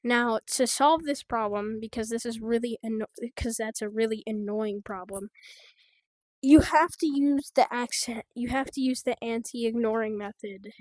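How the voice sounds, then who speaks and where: A woman's voice: a little high, normal speed, darkish tone, no room sound. An American woman giving game trading tips in rambling, casual commentary, full of fillers like "like" and "so". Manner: rambling, filler-heavy, offhand.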